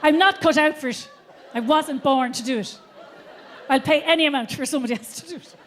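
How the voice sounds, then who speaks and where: A woman's voice: high-pitched, brisk, a faint crowd, slight background noise. An Irish woman doing a live stand-up routine on a theatre stage, brash and profane, telling stories with lots of animation. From Ireland. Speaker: stand-up comedian.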